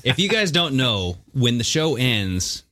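A man's voice: mid-range voice, sing-song, a little slow, a bit bright, no echo, clean studio sound. A man co-hosting a podcast, teasing and crude in casual banter. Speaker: podcast co-host.

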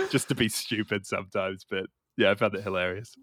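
A relaxed man co-hosting a casual film chat, his voice sitting on the low side. He rambles a little and laughs along. The recording is dry and close. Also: moderate pace, no room sound. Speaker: podcast co-host.

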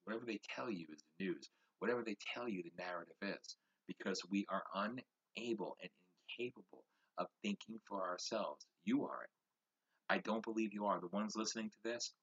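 A man's voice: on the low side, expressive, a little fast, fairly bright tone, husky, lo-fi sound. A man hosting his own podcast, delivering a fired-up social commentary rant that repeats phrases for emphasis. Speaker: podcast host.

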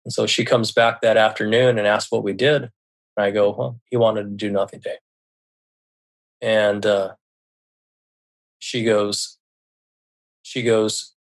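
A middle-aged man from the United States, a podcast guest, candidly recounting a painful family story, often repeating himself and swearing. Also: lowish voice. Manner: candid, recounting dialogue, swears freely, many restarts. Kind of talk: personal storytelling.

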